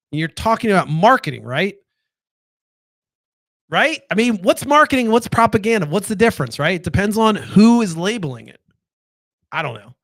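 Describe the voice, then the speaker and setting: A man with a fairly high voice gives a loose, candid late-night monologue. He swears freely and keeps throwing rhetorical questions at his listeners. The sound is close and dry, with no room echo. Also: a bit bright. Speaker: podcast host.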